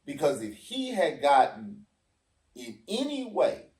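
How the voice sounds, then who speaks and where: A man's voice: fairly high pitch, wildly swooping pitch, takes it slowly, a little mellow, echoey room. A middle-aged man in a heated casual discussion, explaining himself emphatically and acting out what others said. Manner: emphatic, explains with acted-out quotes. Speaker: podcast host.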